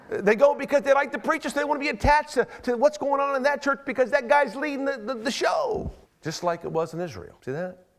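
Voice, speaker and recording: Male pastor, high voice that swings widely, emphatic sermon delivery. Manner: animated, drawn-out emphatic reading of scripture; acts out voices of church members.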